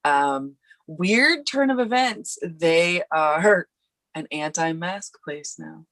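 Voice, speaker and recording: Low-voiced woman host, dry close sound. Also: slow, no room sound, rough recording. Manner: animated storytelling, many fillers. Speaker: podcast host. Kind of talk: casual chat.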